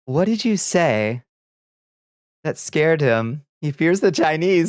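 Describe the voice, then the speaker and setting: A man's voice: on the high side, sing-song, slow pace, no room sound, clean studio sound. A man streaming live, chatting casually with viewers, laughing often and swearing offhandedly. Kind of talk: casual livestream chat.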